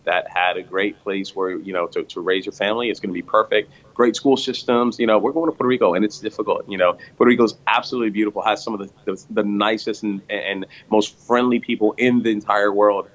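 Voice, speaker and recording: Low-voiced earnest man pastor. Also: fairly even intonation, quick pace, few pauses, fairly bright tone, highs cut off. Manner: earnest, frequent restarts and repeated words. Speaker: pastor and church planter. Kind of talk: storytelling interview answers.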